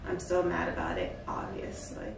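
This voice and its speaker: A woman telling a story casually to camera, chatty and animated, with asides. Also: normal speed. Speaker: vlogger and fashion designer. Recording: echoey room, distant mic, background noise.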